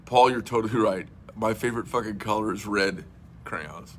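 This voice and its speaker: A man's voice: fairly low pitch, moderate pace. Rambling middle-aged man telling a story. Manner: rambling storyteller, many fillers and restarts; blunt, swears casually. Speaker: host. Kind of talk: casual livestream chat.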